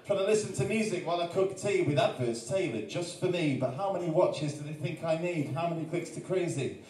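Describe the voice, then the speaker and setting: A man's voice: a little high, brisk, darkish tone, recorded from a distance. A man from Wales, a performance poet, reciting rhyming verse at a live arts-centre event, with joking chatty asides between poems. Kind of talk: live spoken-word performance. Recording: echoey room, voice from off the mic.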